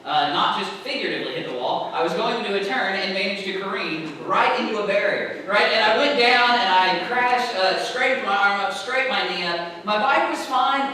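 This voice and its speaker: A woman pastor delivers a sermon in a chatty style and keeps asking her listeners to agree. Her fairly high voice rings through a big, echoing sanctuary, picked up from well back in the room. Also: a bit bright, a little hiss or hum. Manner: conversational, often asks the congregation "right?". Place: large church sanctuary. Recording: echoey sanctuary heard from a distance.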